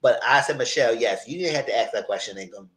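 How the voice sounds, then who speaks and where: A young man hosting a casual live TV recap, animated and slipping into the voices of the people he quotes. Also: medium pitch, fast, echoey room, rough recording. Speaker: YouTube TV recap host.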